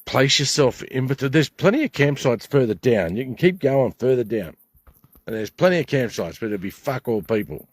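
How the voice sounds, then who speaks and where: A man's voice: medium pitch, expressive, normal speed, husky, no room sound, clean studio sound. An older Australian man ranting to camera at a bush campsite, indignant and rambling, swearing heavily. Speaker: vlogger. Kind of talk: angry rant to camera.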